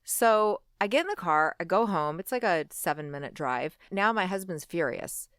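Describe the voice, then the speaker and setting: A woman's voice: lively intonation, normal speed, smooth, no room sound, clean studio sound. A woman in her forties telling a personal story in a candid, conversational interview, full of "like" and "you know", often acting out what she said back then. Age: 40s. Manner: conversational, fillers like "like" and "you know", acts out her own past lines; drops quiet and low when recalling regret. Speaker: guest.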